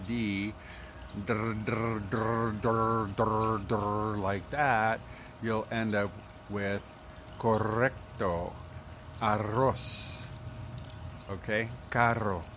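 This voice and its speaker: A man with a lowish voice walks through pronunciation at an unhurried pace, patiently repeating each sound to demonstrate it. Clear background noise sits under his voice throughout. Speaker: language teacher. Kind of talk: spoken tutorial. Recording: noisy background.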